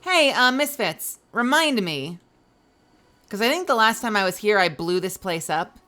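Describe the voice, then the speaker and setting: A woman's voice: mid-range voice, lively intonation, a little slow, bright, forceful tone. A woman streamer chatting casually over her gameplay, rambling and jokey and laughing often.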